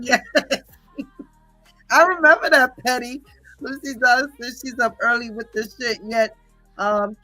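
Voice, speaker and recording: A woman hosting a livestream, gossiping and reading chat in a loud, profane, laughing manner. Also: fairly high pitch. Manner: animated, profane, laughing often. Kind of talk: casual gossip commentary.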